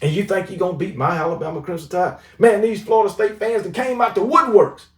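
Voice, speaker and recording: A man with a high voice and a drawl trash-talks a rival team in an opinionated sports rant. He keeps repeating catchphrases. His voice echoes around the room from some way off the mic. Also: fast talker, fairly bright tone, far from the mic. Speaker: sports commentary vlogger. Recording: roomy echo, voice off-mic.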